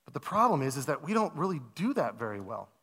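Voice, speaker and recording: A man preaching a sermon as pastor, in a conversational, animated way, asking the congregation questions. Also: on the high side, fast talker, slightly rough, big-room sound.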